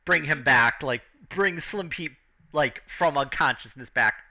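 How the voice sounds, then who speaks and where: A fairly high-pitched man runs a tabletop game as its game master. He talks with frequent fillers and pauses, shifting into loud voices for crowds and announcers.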